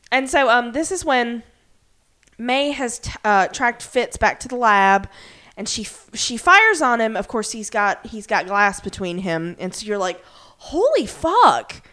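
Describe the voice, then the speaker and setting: A woman with a slightly high voice chats through a TV episode recap on a podcast. She acts out the characters' lines in quick bursts and swears freely. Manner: animated retelling, acting out characters' lines, frequent swearing. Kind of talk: casual chat.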